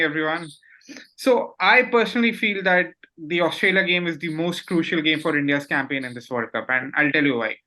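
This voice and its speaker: A man with a bright, forceful voice building his argument step by step. He works through the numbers in a methodical way, like a keen fan. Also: on the high side, rough recording. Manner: methodical, lays out facts and figures. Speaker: podcast co-host. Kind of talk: casual podcast chat.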